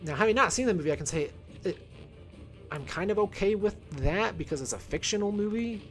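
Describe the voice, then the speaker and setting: A man's voice: high-pitched, expressive, fairly quick. A man talking casually while playing a video game, rambling and correcting himself as he thinks aloud, wearing headphones. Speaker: video game streamer reviewing films. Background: faint game music.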